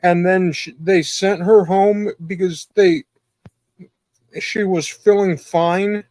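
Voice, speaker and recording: A man in casual chat, hesitant and filling pauses with ums. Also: sits high, steady tone, a little mellow, no room sound. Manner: hesitant, many fillers.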